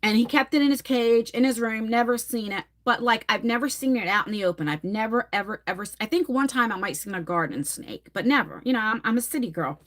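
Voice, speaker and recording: Chatty laughing woman vlogger. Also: a little high. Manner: chatty and candid, laughing, bursts of fast talk. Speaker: vlogger answering viewer questions. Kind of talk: casual chat.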